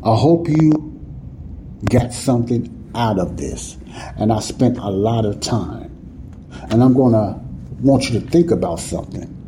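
A man's voice: mid-range voice, lively intonation, a little slow, pauses often, noisy background. A man teaching the Bible in an informal sermon, talking casually with folksy grammar and often asking if listeners see what he's saying. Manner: repetitive, keeps asking "you see what I'm saying?".

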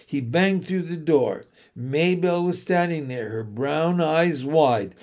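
Male audiobook narrator, slow pace, slightly high voice, emotional reading. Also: expressive, darkish tone. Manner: slow, deliberate, emotional storytelling. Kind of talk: scripted narration of a children's novel.

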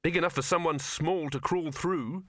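A man's voice: medium pitch, animated, moderate pace, sharp tone, no room sound, clean studio sound. A man reading aloud and voicing an earnest, reassuring young man in an audiobook. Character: earnest young man, trying to stay brave.

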